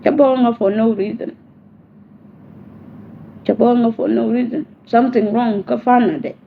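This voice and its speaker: A woman's voice: a little high, moderate pace, creaky. Pleading woman, tinny phone audio. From South Sudan. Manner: pleading, repeats herself insistently. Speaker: message sender. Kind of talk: personal spoken message. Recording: tinny phone-line audio, faint hiss.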